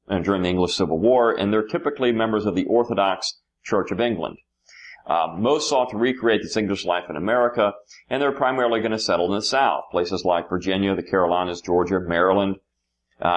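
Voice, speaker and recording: A man with a fairly low voice lectures his class on history. He speaks off the cuff, pausing often on fillers and restarting his sentences as he goes. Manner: unscripted, many "uh" fillers and restarts.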